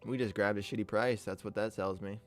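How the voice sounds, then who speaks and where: A man's voice: on the low side, fairly even intonation, brisk, soft background music. A man giving live trading commentary, talking to himself about his trades, swearing a lot and sounding exasperated. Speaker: day trader streaming live.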